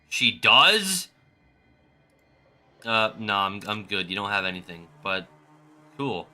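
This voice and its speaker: A man's voice: on the low side, very animated, takes it slowly, long pauses, sharp tone. A young adult man streaming a game with casual commentary, loose, joking and profane. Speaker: gaming streamer.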